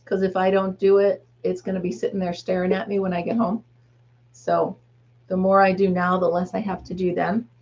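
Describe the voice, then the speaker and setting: A woman's voice: on the low side, flat delivery, moderate pace, darkish tone, muffled recording. A woman in her fifties, a grandmother, hosting a casual live chat with viewers, rambling and laughing often. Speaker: livestream host.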